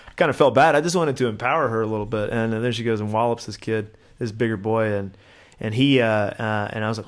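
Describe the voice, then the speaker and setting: Guy in his 30s chatting on a podcast, rambling storyteller, mid pitch, plain voice. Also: fast. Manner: rambling, animated anecdote telling with laughs. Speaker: podcast co-host. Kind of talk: casual chat, storytelling.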